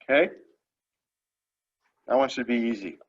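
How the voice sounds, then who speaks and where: A man's voice: mid-range voice, unhurried, breathy edge. A male French teacher giving classroom instruction, repeating phrases for students to drill and often checking in with "right?". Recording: dull lo-fi classroom recording.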